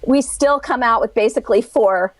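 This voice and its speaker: A woman's voice: fairly high pitch, normal speed. A woman guest in an interview, talking in a chatty, enthusiastic way and acting out little quotes as she explains. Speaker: guest expert. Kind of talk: animated interview talk.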